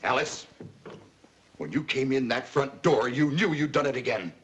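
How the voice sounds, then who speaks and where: An actor in a 1950s TV drama plays a stern, worn-out father angrily scolding his daughter, his voice rising to shouts. His voice is medium-pitched with lively intonation and a moderate pace, close to an everyday voice. There is a little hiss or hum.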